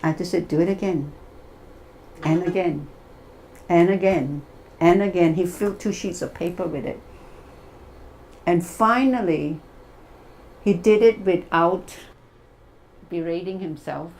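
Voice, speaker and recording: A woman's voice: lowish voice, measured pace, long pauses, slight background noise. A woman leading a wellness workshop as a hypnotherapist, telling stories and acting out the voices of the people in them. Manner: animated, acts out the people in her stories. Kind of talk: wellness workshop talk with storytelling.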